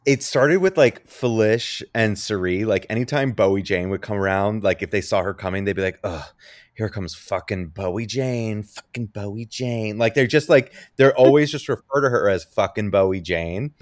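A man's voice: fairly low pitch, fairly quick, hardly any pauses, no echo, studio quality. A man co-hosting a casual podcast, gossiping about a reality show and mimicking the people in it. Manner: gossipy, quotes people in mocking voices. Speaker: podcast co-host. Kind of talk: casual chat.

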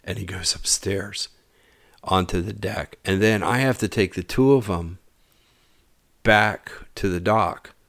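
Speaking at a measured pace in a low-sitting voice, a man casually shares a personal story. He gets animated, voicing the dialogue and occasionally muttering, in a studio-quality recording with no room sound.

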